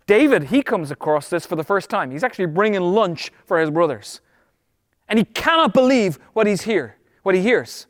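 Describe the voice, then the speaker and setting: A man preaching a sermon as pastor, emphatic, slowing down on key words and then rushing ahead. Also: sits high, lively intonation, no room sound, studio quality, in a large hall. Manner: emphatic preaching, shifting between slow stress and quick bursts.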